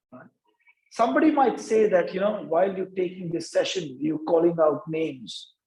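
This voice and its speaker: Man from India, workshop lecturer, high-pitched voice, echoey room, keeps checking in with "right?". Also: a little mellow. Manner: asks "right?" after nearly every point. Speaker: workshop speaker. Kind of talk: lecture to students.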